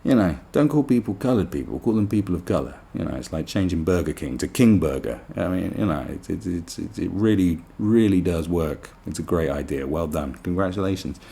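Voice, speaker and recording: A man's voice: low-pitched, expressive, brisk, vocal fry, hardly any pauses, mellow. A man hosting a podcast, delivering a sarcastic, profane political rant full of mockery. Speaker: podcast host. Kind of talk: ranting political monologue.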